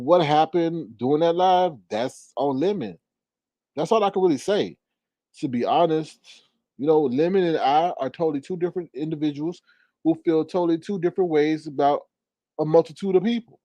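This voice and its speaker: A man doing casual commentary into a phone at home, sassy and animated, his voice climbing higher when he gets riled. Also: normal speed, no echo. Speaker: commentary vlogger.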